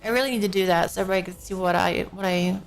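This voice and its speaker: Talking fast with vocal fry in a fairly low voice, a woman live streams casual chat from her home desk setup. She is drowsy, yawning, a bit out of it and rambling, using a professional desk microphone, with faint music coming from a neighbor's place.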